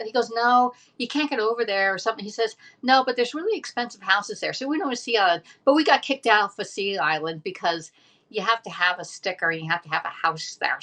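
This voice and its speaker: A middle-aged woman with a drawl chats on a casual live stream. Her voice sits low but rings bright and forceful. She rambles through a long story and keeps breaking off to greet viewers. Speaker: livestream host.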